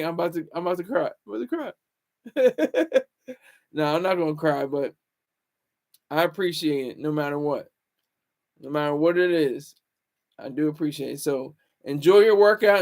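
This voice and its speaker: A man hosting a casual livestream, rambling and talking back to viewer comments. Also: fairly high pitch. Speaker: livestream host.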